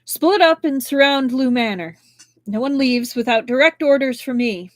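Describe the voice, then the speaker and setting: A woman reading aloud, voicing a composed young male official who answers with smooth, courteous evasion. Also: fairly high pitch, moderate pace, dry recording, lightly acted. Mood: commanding.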